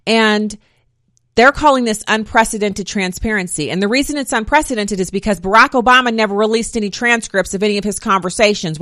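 A woman's voice: mid-range voice, sharp tone, no echo, clean studio sound. A woman hosting a political commentary podcast, chatty and opinionated with snarky asides. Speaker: podcast host.

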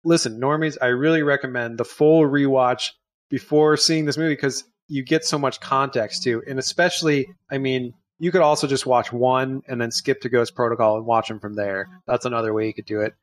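Mid-pitched man telling a story on a podcast. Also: fairly even intonation, a little fast. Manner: storytelling, recounting anecdotes. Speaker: podcast co-host. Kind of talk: casual chat.

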